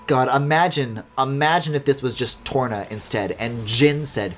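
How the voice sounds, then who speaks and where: A man's voice: mid-range voice, moderate pace, hardly any pauses. A man streaming a video game, giving sarcastic, rambling commentary full of swearing. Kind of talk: casual let's-play commentary. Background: faint game music.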